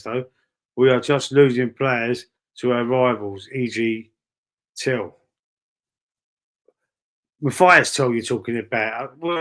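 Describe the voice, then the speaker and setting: A man's voice: medium pitch, a bit bright. A man with a Cockney accent hosting a live football watch-along, chatting casually with viewers in a rambling, matey way, repeating himself and reading out comments. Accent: London Cockney. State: breathy asthma-wheezy at times. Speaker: livestream host.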